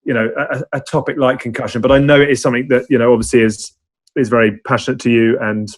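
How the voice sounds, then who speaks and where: A male podcast host who speaks quickly in a mid-range voice. He closes the show with polished, brisk remarks and a bit of friendly ribbing. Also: mid-range voice, steady tone. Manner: brisk, polished wrap-up with light teasing. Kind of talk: podcast sign-off.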